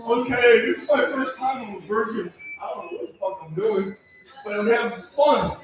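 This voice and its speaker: A man doing a first-time stand-up comedy set at an open mic, loud and rowdy, often laughing at his own jokes. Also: high-pitched, moderate pace. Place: comedy club stage. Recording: echoey room from far off, audience noise.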